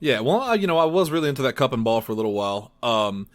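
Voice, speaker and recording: A man's voice: mid-range voice, very animated, fast talker. A man hosting a casual comedy podcast, rambling and stumbling through restarts with a chuckle. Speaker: podcast host.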